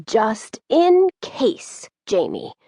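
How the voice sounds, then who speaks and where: A woman doing a raspy, strict old grandma. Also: on the high side, sing-song, very slow, mellow, no room sound, clean studio sound, heavily acted. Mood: coaxing. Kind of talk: audiobook character voice.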